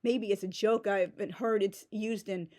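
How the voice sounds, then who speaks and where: A woman's voice: mid-range voice, fairly even intonation, moderate pace, darkish tone. A woman in her forties giving a sarcastic, exasperated rant as a book reviewer. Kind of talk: ranting book critique.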